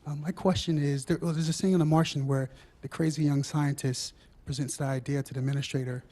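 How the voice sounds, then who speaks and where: A man's voice: a little high, steady tone, fast talker, dark tone. A man in the audience asking direct, pointed questions. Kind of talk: question from the floor.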